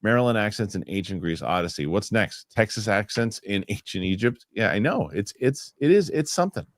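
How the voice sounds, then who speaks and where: Man, low voice, show host, reading viewer comments, rambling, gets worked up, dry sound. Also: lively intonation, fairly quick, no room sound. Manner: rambling, self-correcting, gets worked up over pet peeves.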